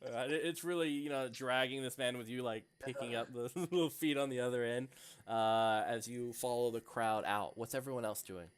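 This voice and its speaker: With a smooth, medium-pitched voice, a man narrates a tabletop game as its game master. His delivery is halting and packed with fillers.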